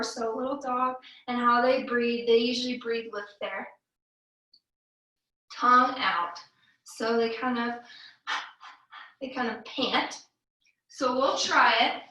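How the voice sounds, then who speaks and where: A woman's voice: high voice, steady tone, slow, pushed and bright. A young adult woman guiding a children's yoga class, upbeat and encouraging, with playful animal sounds and sung cues. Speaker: kids yoga teacher. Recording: echoey room, voice from a distance.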